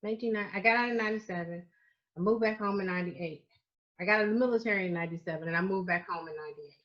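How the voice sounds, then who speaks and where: A middle-aged woman with a Southern US accent speaks in a mid-range voice, earnest and emphatic as a life coach. She repeats her points and slows to lean on the key phrases. The audio is a bit dull and muffled. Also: mid-range voice, fairly bright tone. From Florida, United States. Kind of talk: livestreamed masterclass talk.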